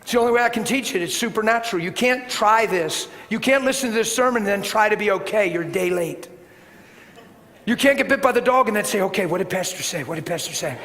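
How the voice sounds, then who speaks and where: A middle-aged man preaching a sermon, telling a story with animated swings from shouting to soft, hushed tones. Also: high-pitched, fast. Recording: echoey hall with faint ambience.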